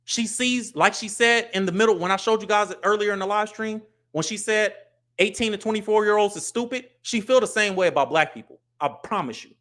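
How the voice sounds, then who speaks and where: A man's voice: high-pitched, brisk, fairly bright tone. A married man hosting a livestream, giving blunt and emphatic casual commentary and repeating his points. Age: adult, married. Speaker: livestream host.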